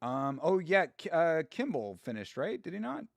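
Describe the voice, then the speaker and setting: A man's voice: fairly high pitch, big pitch swings, normal speed, vocal fry, dry recording, studio quality. Profane, rambling young man streaming. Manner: rambling, profane, filler-heavy. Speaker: MMA live-stream host. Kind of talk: casual live-stream commentary.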